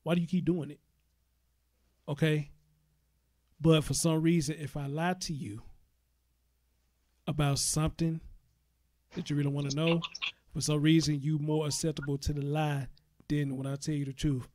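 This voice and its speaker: A man's voice: on the high side, level tone, moderate pace, long pauses, a little mellow. A man hosting a casual talk show, giving frank opinions in a preachy, conversational way. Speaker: host.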